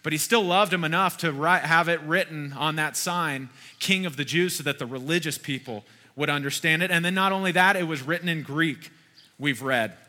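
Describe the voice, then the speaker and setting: A man's voice: a little high, normal speed, pushed and bright. Folksy preacher man in a reverberant hall. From Kentucky. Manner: conversational, folksy preaching with rhetorical questions. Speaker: pastor. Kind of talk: sermon.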